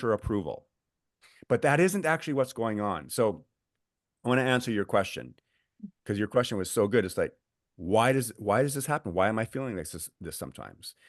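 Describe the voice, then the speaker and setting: A middle-aged man, a guest author and coach, telling examples in a lively podcast chat with many fillers and restarts. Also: mid-range voice, no echo, clean studio sound. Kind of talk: podcast conversation, explaining.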